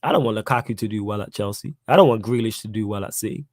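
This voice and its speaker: A man's voice: on the low side, very fast, dry recording. Young man, slangy and emphatic, casual live-stream host, dry close mic. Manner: slangy, emphatic, repeats points. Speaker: podcast host reading live chat.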